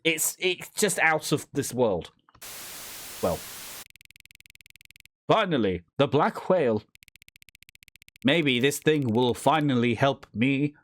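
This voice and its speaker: A man's voice: medium pitch, lively intonation, slow pace, long pauses. A man rambling jokily through a horror game playthrough, reading the game's text aloud and slipping into silly voices. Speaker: gaming YouTuber.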